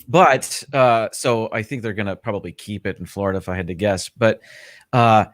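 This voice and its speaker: A man's voice: fairly low pitch, moderate pace, no echo, clean studio sound. A man guesting on a casual chat, talking earnestly and with enthusiasm.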